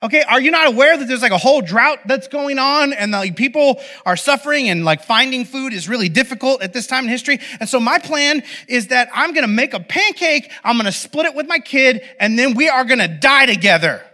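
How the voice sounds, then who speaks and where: A worn-out, desperate widow, as a preacher acts her out rattles off her complaints in a high, bright, fed-up rush. She sounds exasperated and done with it all, and her pitch stays pushed well up. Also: animated, full character voice. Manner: rapid, fed-up rant. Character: exasperated desperate widow, middle-aged woman.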